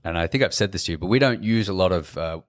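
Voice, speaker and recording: A man's voice: low voice, animated, fast, dry recording, studio quality. An Australian actor, a man, chatting animatedly as a podcast guest, with lots of restarts. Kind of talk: casual podcast chat.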